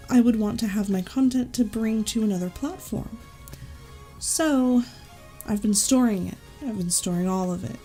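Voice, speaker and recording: A woman YouTube creator chatting casually and enthusiastically through product recommendations, with quick asides. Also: a little high, dark tone.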